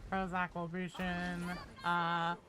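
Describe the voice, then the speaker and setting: A woman streaming a game live and chatting with her viewers, talking in a loose, animated way, filling with "like" and blurting out swears. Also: fairly low pitch, takes it slowly. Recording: steady background noise.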